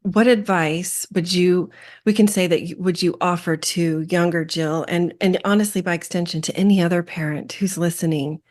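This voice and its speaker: A woman hosting a podcast, speaking gently and affirmingly, pausing and restarting as she searches for words. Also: fairly low pitch, fairly even intonation. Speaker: podcast host and coach. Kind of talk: interview conversation.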